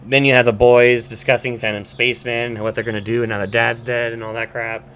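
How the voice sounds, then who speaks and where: A podcast host loosely recaps a cartoon episode, rambling, swearing often, restarting, and filling gaps with "um" and "like." His mid-range voice is quick and fairly bright with little pitch movement, over a little hiss or hum.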